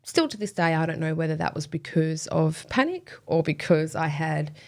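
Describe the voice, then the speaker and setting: Woman, lowish voice, creaky fry, chatty storytelling, many ums. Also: animated, moderate pace. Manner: chatty, many fillers, self-deprecating laughs. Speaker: guest. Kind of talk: casual interview storytelling.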